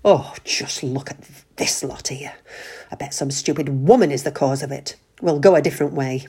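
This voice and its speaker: A woman voicing a sarcastic, grumpy middle-aged husband in a read-aloud story, with a husky, mocking delivery. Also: a bass voice, full character voice. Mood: sulky. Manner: mocking, loud and quick.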